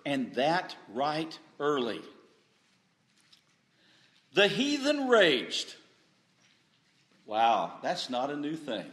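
A man preaching a sermon, rising to loud emphatic peaks and dropping to quiet asides, often stammering and restarting. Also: medium pitch, sing-song, extremely slow, pauses often. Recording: echoey room.

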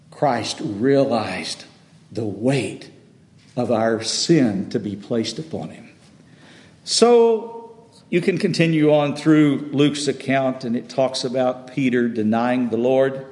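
A medium-pitched male pastor preaches slowly and deliberately in a church sanctuary, stumbling and repeating words before building to loud, emphatic peaks. The recording is roomy and echoey, with a long reverb tail.

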